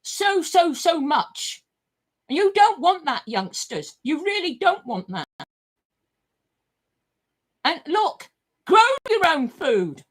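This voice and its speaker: A woman's voice: high-pitched, big pitch swings, slow pace, long pauses. An older woman, rambling emphatically to camera in a vlog, swearing often and repeating herself. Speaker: vlogger.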